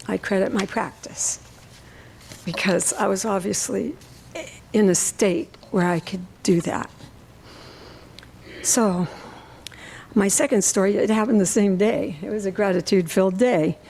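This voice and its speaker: A woman, a science teacher, telling a personal story at a worship service in a halting way with many fillers. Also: mid-range voice, fairly even intonation, creaky, a little mellow, a little hiss or hum, poor audio. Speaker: lay speaker sharing a reflection.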